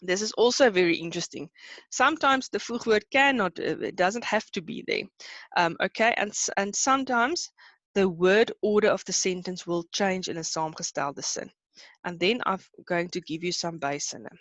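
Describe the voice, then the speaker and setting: A woman teaching a live online class, slowing to explain each term in two languages and stopping to ask whether everyone is still with her. Her voice sits a little low for a woman and sounds close and dry on the microphone. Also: fairly bright tone, no echo, lo-fi sound. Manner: explains terms in two languages, checks in with students. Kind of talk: online lesson.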